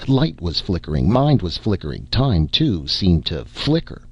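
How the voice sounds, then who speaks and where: A man narrating a science fiction story in a dramatic, expressive reading. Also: deep voice, measured pace, breathy edge. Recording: dull, dry lo-fi recording.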